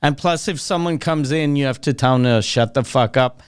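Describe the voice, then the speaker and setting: A man's voice: mid-range voice, moderate pace, clear, resonant tone. A man co-hosting a comedy podcast, asking questions and teasing in casual chat. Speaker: podcast co-host.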